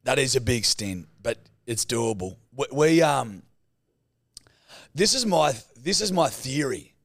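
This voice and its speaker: A young Australian man co-hosting a podcast, telling rowdy, sweary stories with loud bursts of laughter. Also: medium pitch, animated, a little slow, dry recording, clean studio sound. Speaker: podcast co-host. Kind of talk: casual chat.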